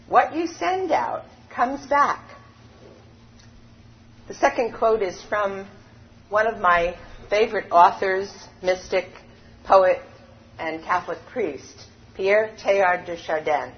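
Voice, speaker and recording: A woman preaching a sermon, emphatic and unhurried, leaning on key words and repeating them. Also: mid-range voice. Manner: slow, emphatic preaching with lively rises and falls. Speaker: spiritual teacher. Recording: dull lo-fi recording.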